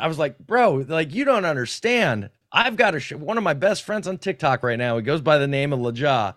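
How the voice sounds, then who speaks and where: A man guesting on a podcast, telling stories in a casual, animated, profane way with frequent restarts. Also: a little high, fairly quick, hardly any pauses, dry recording, clean studio sound. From North Carolina. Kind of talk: casual storytelling.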